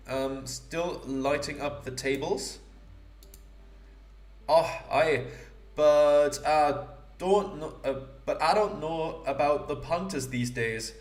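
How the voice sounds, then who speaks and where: A man voicing a cocky female Scottish jewel thief in a broad, exaggerated Scottish accent, gruff and slangy. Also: deep voice. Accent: Scottish, parodied. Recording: roomy echo.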